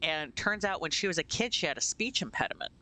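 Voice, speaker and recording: A man streaming a game and chatting casually, his voice sitting a little high and bright. He tells stories with plenty of swing in his pitch and breaks into laughter often. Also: fast. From Pennsylvania, USA. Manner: animated storyteller, laughs often. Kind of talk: casual chat while gaming.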